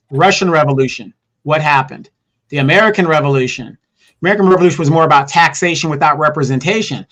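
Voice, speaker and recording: A man's voice: fairly high pitch, a bit bright. A man speaking as a guest on a live discussion, making an earnest, lecturing case about history.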